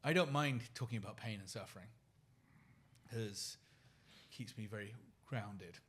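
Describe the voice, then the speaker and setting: A British man in his forties, a podcast guest speaking in an earnest, soft-spoken and reflective way. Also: fairly low pitch, unhurried, husky. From United Kingdom. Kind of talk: reflective interview conversation.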